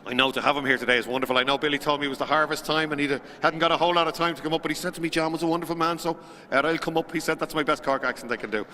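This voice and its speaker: A man's voice: a little high, rapid-fire, hardly any pauses, sharp tone, in a large hall. An Irish man announcing live to a crowd at a race circuit, upbeat and chatty as he rallies the spectators.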